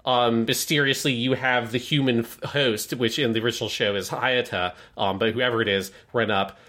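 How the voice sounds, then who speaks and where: A man in casual podcast chat, reviewing a film with enthusiasm. His voice is bright and forward at a middling pitch, and he bursts into quoted lines now and then. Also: steady tone, moderate pace. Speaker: podcast co-host.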